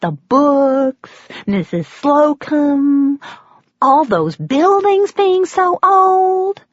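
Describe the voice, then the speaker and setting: A woman voicing an excitable American waitress who gushes and squeals with delight. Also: sits high, drawn-out words, no room sound, voice pushed up, full character voice. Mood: gushing. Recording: dull, lo-fi, dry.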